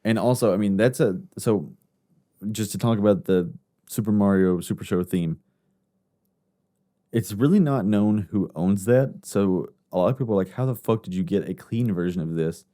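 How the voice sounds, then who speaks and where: Deep-voiced man, short agreeing replies. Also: normal speed, mellow. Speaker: podcast co-host. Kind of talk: casual movie review chat.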